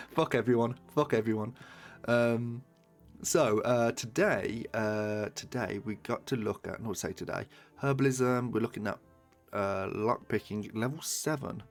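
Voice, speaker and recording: A man's voice: mid-range voice, lively intonation, slow pace, soft background music. A British man streaming a game, chatting casually, swearing and bantering with his chat. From Britain.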